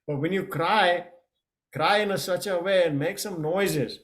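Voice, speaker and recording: A middle-aged man coaching a yoga lesson in a casual, halting way, with many fillers and restarts. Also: high-pitched, fairly bright tone.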